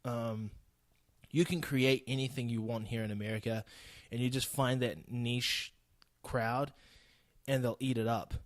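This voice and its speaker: A man's voice: medium pitch, steady tone, a little slow, no echo, studio quality. A young man with a New Zealand accent, talking casually and bluntly on his own podcast, laughing and swearing freely. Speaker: podcast host. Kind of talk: casual solo podcast monologue.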